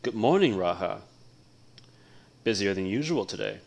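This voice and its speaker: A man's voice: low-pitched, measured pace. A man reading aloud voices a cheeky young man from a storybook, calling out eager, upbeat greetings. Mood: cheery.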